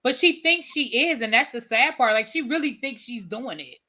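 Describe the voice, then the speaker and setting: A woman's voice: a little high, animated, normal speed, pushed and bright. A woman co-hosting a casual podcast chat, explaining things step by step. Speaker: podcast co-host.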